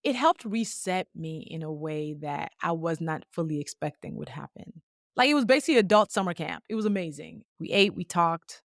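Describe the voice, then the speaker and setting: A woman in her late thirties, hosting a podcast, tells a personal story in a lively, conversational way with casual slang. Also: lowish voice, dry recording, studio quality. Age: late 30s. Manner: lively, conversational, acts out quoted dialogue. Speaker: podcast host.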